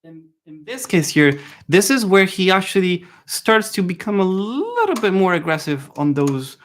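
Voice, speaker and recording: A saxophone teacher with a high voice runs a live online lesson at a moderate pace. He's relaxed and chatty, frequently checking in with viewers and singing phrases to demonstrate.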